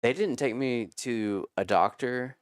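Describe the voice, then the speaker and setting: A man in his thirties telling casual stories about motocross racing, animated and swearing freely as he acts out what others said. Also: mid-range voice, measured pace, clear, resonant tone, no echo, studio quality. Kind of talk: casual storytelling.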